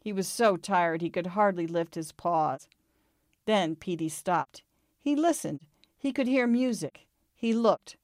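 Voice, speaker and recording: A woman reading a children's storybook aloud in a calm, expressive way. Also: lowish voice, a little slow, no room sound, clean studio sound.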